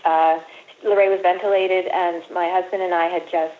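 Earnest halting middle-aged woman, lo-fi. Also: fairly low pitch, flat delivery. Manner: halting, earnest, pauses often. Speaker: guest, mother and author. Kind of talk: personal story and reading from her book. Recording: dull lo-fi sound.

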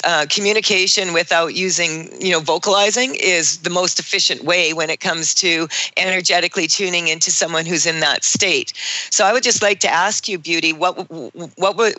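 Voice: mid-range voice, pushed and bright, no echo. A podcast host running a casual spiritual interview, enthusiastic, with many restarts and fillers.

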